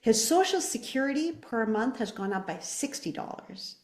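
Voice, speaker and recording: A woman's voice: on the high side, lively intonation, normal speed, a little mellow, reverberant. A woman running for office, answering interview questions with passion and emphatic rhetorical questions. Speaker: political candidate.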